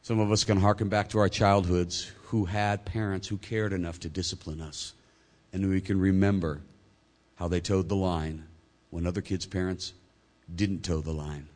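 A male pastor delivering a sermon, swinging between loud emphatic points and quiet, low asides. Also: steady tone, normal speed.

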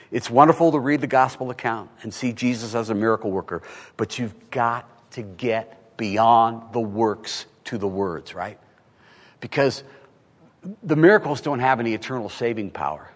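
A man preaching a sermon, animated, asking rhetorical questions and swinging from hushed tones to loud. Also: mid-range voice. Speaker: pastor. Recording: long hall reverb.

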